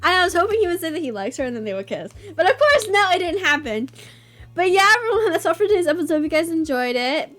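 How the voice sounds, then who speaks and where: A hoarse woman reading a visual novel aloud for a video and gushing over it between lines. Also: very high voice, quick pace, soft background music. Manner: gushing, excitable. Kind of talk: reading a game aloud with reactions.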